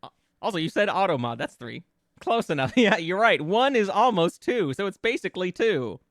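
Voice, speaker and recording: A man's voice: high-pitched, big pitch swings, normal speed, dry recording, studio quality. A man streaming live, chatting casually with viewers and thinking aloud as he riffs on word ideas in a playful way. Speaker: VTuber streamer.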